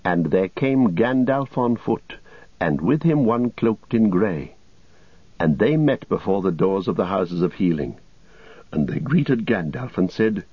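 A man reading an epic story aloud in a steady, measured voice. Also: fairly low pitch, husky, no room sound. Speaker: audiobook narrator. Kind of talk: scripted narration. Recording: dull lo-fi recording.

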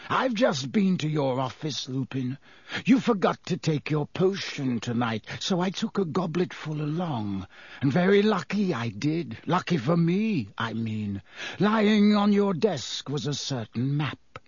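A man voicing a cold, vengeful male schoolteacher with a silky, contemptuous, slow menace. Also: on the high side, very animated, slightly rough, no room sound, heavily acted. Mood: sneering.

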